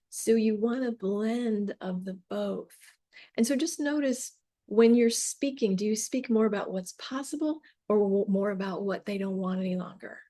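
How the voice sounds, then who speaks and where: A woman business mentor talking casually to camera in an animated, chatty way, her voice a little tired from long talking. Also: mid-range voice. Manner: animated, chatty, lots of "like" and "right?".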